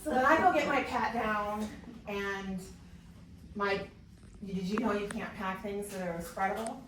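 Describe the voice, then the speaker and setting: A woman's voice: mid-range voice, a little slow. A woman giving a motivational keynote talk to a live audience, telling stories animatedly and acting out other people's lines. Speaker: keynote speaker. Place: large conference room. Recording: echoey hall, speaker far from the mic, background noise.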